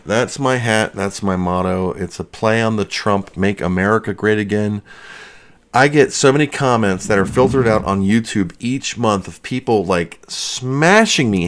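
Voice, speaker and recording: A man's voice: lowish voice, measured pace. A man hosting a casual livestream from his basement studio, rambling and joking as he answers chat questions. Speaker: livestream host.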